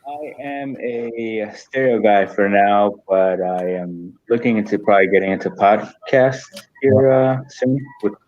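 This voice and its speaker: A man's voice: fairly low pitch, measured pace, hardly any pauses, a little mellow, highs cut off, slight background noise. Chill guy guesting on a stream, kinda searches for his words. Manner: laid-back, searches for words. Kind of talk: casual live-stream chat.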